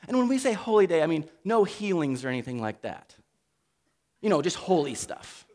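High-voiced guy preaching, jokey and animated, talks like chatting. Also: normal speed. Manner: animated, humorous, conversational. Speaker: pastor. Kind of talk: sermon.

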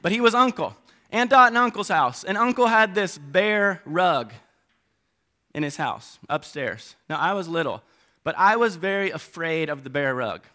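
A middle-aged man preaching a sermon, animated, swinging between loud emphasis and quiet asides. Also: sits high, moderate pace.

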